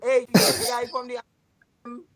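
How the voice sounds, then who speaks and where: A man's voice: very high-pitched, flat delivery, moderate pace, crowd noise. Trini guy guesting on a video call, thick accent, playful and teasing. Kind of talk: casual chat.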